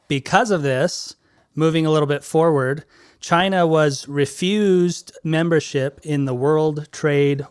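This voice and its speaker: A man's voice: medium pitch, clean tone, no room sound, studio quality. A young man hosting a podcast, chatting casually and easily, with lots of "like" and "um". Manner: easygoing, heavy use of "like" and "um". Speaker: podcast host.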